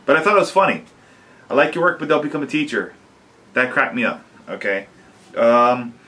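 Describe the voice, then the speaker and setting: A man casually talking to his camera about a home-made prop, unhurried, with lots of fillers and restarts. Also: mid-range voice, sharp tone. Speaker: DIY maker vlogger. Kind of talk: casual explanatory vlog. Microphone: camera mic.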